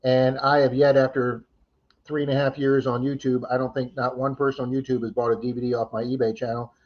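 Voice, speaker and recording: A man's voice: medium pitch, little pitch movement, fairly quick. Chatty man hosting a lo-fi livestream. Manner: chatty, thanks viewers by name, laughs easily. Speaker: livestream host. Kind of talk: casual chat reading viewer comments.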